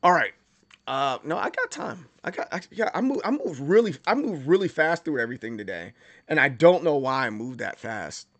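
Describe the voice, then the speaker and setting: A man's voice: fairly high pitch, sing-song, moderate pace, a bit bright, no room sound. A man hosting a livestream, chatting casually and animatedly, with many stammered restarts and bursts of mock outrage. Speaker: livestream host.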